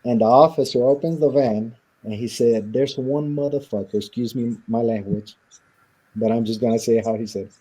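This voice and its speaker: A man from Southern California, an interview guest, tells his story candidly and bluntly with rough language, acting out what guards said to him. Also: mid-range voice, fairly even intonation, moderate pace, mellow, low-quality recording. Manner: blunt and profane, acts out the guards' lines.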